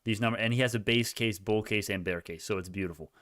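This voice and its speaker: Excitable man rambling about stocks. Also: on the low side, fast talker, no echo, studio quality. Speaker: stock market streamer. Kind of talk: live stock commentary.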